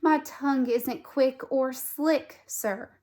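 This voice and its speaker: A woman's voice: sits high, slow pace, a little mellow. A woman voicing a flustered, tongue-tied man who pleads politely in a storybook read-aloud. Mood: fretful. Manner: polite, fretful complaining.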